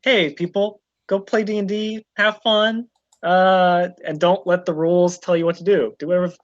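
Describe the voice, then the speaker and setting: A man's voice: high-pitched, level tone, moderate pace, no room sound. Easygoing man on a dull lo-fi mic. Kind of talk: casual chat.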